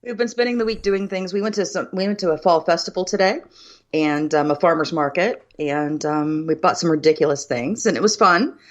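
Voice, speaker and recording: A woman's voice: on the low side, a little fast, dull audio. A woman co-hosting a casual podcast, easygoing, with many ums and frequent laughs. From USA. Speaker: podcast co-host. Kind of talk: casual chat over cocktails. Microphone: remote virtual studio setup.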